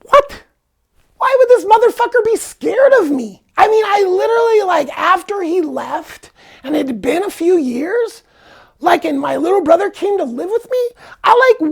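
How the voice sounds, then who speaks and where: A man's voice: very high-pitched, creaky. A man telling a personal story in a casual vlog, angry, profane and rambling. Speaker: vlogger.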